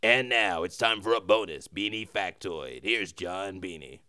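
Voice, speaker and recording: A man putting on a solemn, deep-voiced announcer voice for show bumpers, drawn out slowly. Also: sharp tone, no room sound, studio quality. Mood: grandiose. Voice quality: deep and gravelly.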